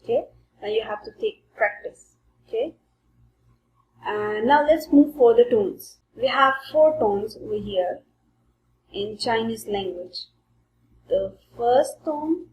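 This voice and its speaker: A woman teaching a language lesson, slowly modelling sounds for learners to repeat. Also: a little high, a little mellow. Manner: slow and deliberate, modelling sounds for repetition. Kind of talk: slow spoken language lesson. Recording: echoey room with faint background noise.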